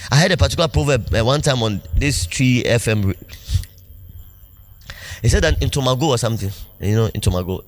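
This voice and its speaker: A pastor preaching a sermon in a church, animated, laughing often and asking the congregation questions. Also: male voice, medium pitch. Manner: call-and-response preaching, asks congregation questions.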